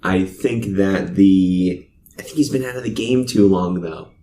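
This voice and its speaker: A man's voice: sits low, measured pace, dark tone, reverberant. A young man co-hosting a podcast in casual chat, easygoing and a little hesitant, with many fillers. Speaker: podcast co-host.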